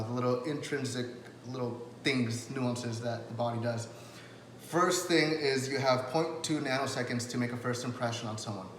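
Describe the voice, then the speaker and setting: A man's voice: medium pitch, a bit bright, a little hiss or hum. A man teaching rapport skills in a loose, chatty spoken lesson, full of fillers, restarts and acted-out quotes. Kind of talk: casual spoken lesson to camera. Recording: echoey room with long reverb.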